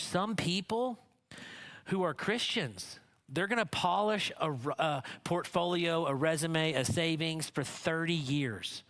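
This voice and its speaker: A man's voice: fairly high pitch, sharp tone. A man preaching at a missions conference, telling a family story and acting out its quotes. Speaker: conference speaker. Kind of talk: sermon.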